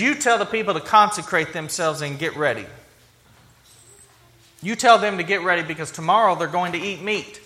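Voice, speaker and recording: A pastor with a high, bright, forceful voice preaches conversationally, acting out quoted lines. He often stumbles, restarting sentences and using fillers.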